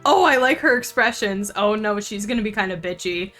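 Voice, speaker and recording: A woman streamer talks casually to her viewers, stringing thoughts together with plenty of likes and ums. Her voice sits on the higher side. Faint music plays in the background. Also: animated, normal speed, few pauses, pushed and bright. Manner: chatty, many fillers, talks to viewers. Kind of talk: casual chat while playing a game.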